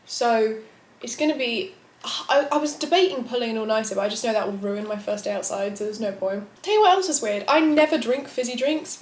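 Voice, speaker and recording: A young woman vlogging casually from a small indoor room, chatty and excitable. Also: on the high side. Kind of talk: casual vlog diary. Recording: roomy echo.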